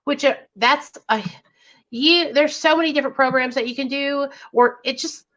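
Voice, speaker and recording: A woman's voice: sits high, normal speed, fairly bright tone, slight background noise. A woman hosting a livestream interview, chatty and supportive, reading viewer comments aloud. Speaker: host.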